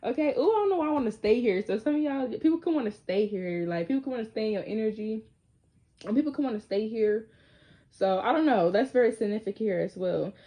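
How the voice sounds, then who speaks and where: A woman's voice: a little high, animated, fast talker, dark tone. A woman in her twenties from Michigan giving a casual, chatty tarot reading with loose slangy talk. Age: 20s. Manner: chatty and loose, slangy, sings snatches of lyrics. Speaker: tarot reader.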